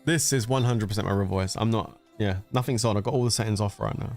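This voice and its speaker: A man's voice: fairly low pitch, quick pace, gravelly, darkish tone, faint music behind. A man giving casual, jokey commentary while streaming a mobile game. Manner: chatty and jokey, often laughing.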